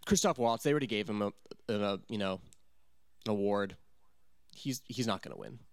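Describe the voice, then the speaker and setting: Man, low voice, casual hesitant podcast chat, dry sound. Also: moderate pace, no echo. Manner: hesitant, full of restarts.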